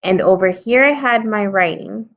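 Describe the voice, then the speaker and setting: A woman's voice: medium pitch, moderate pace. A woman teacher giving a writing lesson to young children, patiently thinking aloud as she edits her story. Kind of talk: early-grade writing lesson. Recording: slightly dull lo-fi sound.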